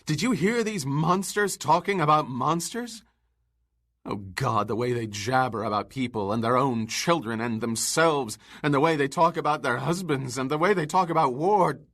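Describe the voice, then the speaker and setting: A man's voice: mid-range voice, lively intonation, moderate pace, bright, forceful tone, voice pushed up. A man reading aloud and playing a disillusioned fireman who bursts out in furious, bitter words.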